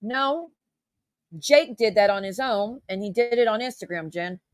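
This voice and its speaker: A woman's voice: medium pitch, darkish tone, no room sound. Heated, defensive woman ranting to camera. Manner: defensive and confrontational, swearing, rapid rhetorical questions. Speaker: YouTube commentator. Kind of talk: heated reaction rant.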